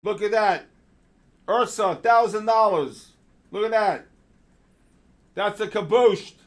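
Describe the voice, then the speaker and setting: A male trading show host giving excitable live market commentary, exclaiming and calling out viewers by name. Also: sits high, takes it slowly.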